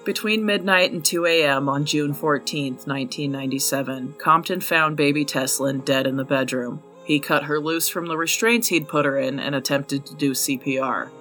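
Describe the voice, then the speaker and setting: A man narrates a true crime case for his podcast in a blunt, openly angry way, swearing freely. His voice sits a little high and sounds bright and forceful. Soft music plays underneath. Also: moderate pace, few pauses.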